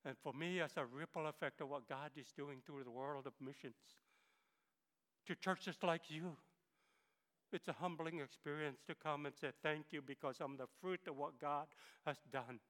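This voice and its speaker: A man's voice: on the high side, normal speed, a bit bright, big-room sound. A man, giving an impassioned sermon testimony as a guest speaker in a church. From northern Philippines. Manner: impassioned storytelling. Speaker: missionary pilot, guest speaker.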